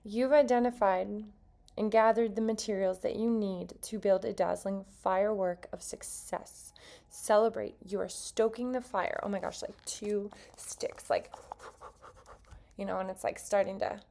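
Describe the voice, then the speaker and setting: A woman's voice: mid-range voice, steady tone, moderate pace, vocal fry, dark tone. A woman giving a casual tarot card reading to her viewers, chatty and earnest, with self-aware asides as she reads. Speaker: tarot reader.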